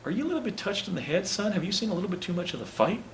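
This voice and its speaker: A man's voice: high voice, sing-song, very fast, a little hiss or hum, voice pushed up. A man putting on a taunting army officer. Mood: mocking. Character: gruff male Union army officer, suspicious. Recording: roomy hall, distant mic.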